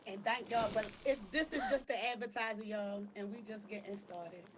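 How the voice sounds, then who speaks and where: A woman's voice: medium pitch, moderate pace, noisy background. A woman reading a prepared acceptance speech for a streaming award, emotional and near tears. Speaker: live-stream creator receiving an award.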